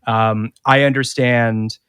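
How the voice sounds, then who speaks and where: A man's voice: mid-range voice, little pitch movement, slow pace, fairly bright tone, smooth. A man hosting a podcast, talking casually and opinionatedly, often restarting his sentences and repeating words. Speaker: podcast host.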